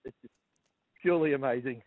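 Emotional Australian caller on a phone line. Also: male voice, mid-range voice, no echo. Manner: emotional, halting, repeats himself. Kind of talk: phone-in chat. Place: outdoors walking a dog.

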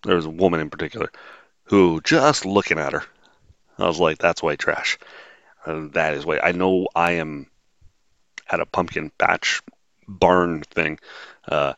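Deep-voiced sarcastic man, dry dull sound. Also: pushed and bright, no room sound. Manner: sarcastic, blunt, rambling with fillers. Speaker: podcast host. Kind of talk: solo podcast monologue.

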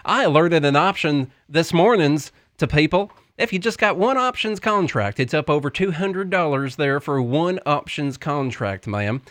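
A man's voice: a little high, expressive, normal speed, hardly any pauses, fairly bright tone, dry recording, studio quality. A man with a Tennessee accent, co-hosting a casual podcast and reading an ad in a folksy, joking way. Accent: Southern US (Tennessee). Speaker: podcast co-host. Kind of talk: casual chat and ad read.

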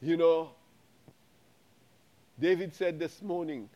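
A man's voice: a little high, lively intonation, moderate pace, pauses often, a little mellow. A pastor preaching a sermon, emphatic and repetitive, his voice rising in exclamations. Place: church sanctuary.

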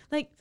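A woman co-hosting a podcast, telling a true crime story in casual chat and acting out the people's lines. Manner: animated storytelling, acts out characters' lines.

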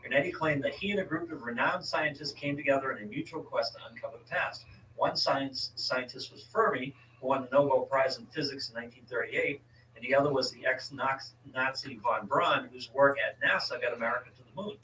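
A man's voice: mid-range voice, fairly quick, pushed and bright, reverberant, recorded from a distance, slight background noise, rough recording. A man co-hosting a casual podcast, reading a story from notes with offhand asides and self-corrections.

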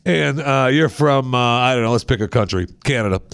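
A man's voice: mid-range voice, brisk, creaky, smooth, no room sound, studio quality. Man telling jokey stories on a talk show. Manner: animated storyteller acting out scenes. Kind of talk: comedic talk-show banter.

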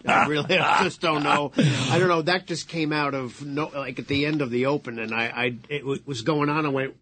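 A man's voice: on the high side, steady tone, moderate pace, bright, forceful tone, dry recording. A man co-hosting a morning radio show, laughing and bantering with hesitant replies.

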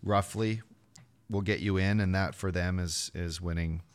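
Low voiced guy, chatty, rambles with likes and you knows. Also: fairly even intonation, unhurried. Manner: chatty storyteller, lots of fillers. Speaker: podcast co-host. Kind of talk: casual sports chat.

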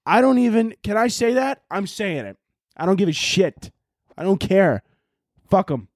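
Young man, podcast host, loud profane rant, bursts of shouting, dry close audio. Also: high voice, normal speed, no room sound. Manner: animated, profane, shouting at times. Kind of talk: casual solo podcast rant. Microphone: laptop audio recording.

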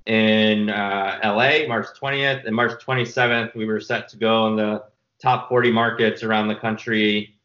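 A man's voice: lowish voice, moderate pace, muffled recording. A man, a filmmaker being interviewed, telling long rambling stories with many fillers. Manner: rambling, animated storyteller with fillers. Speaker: filmmaker guest. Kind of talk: casual interview storytelling.

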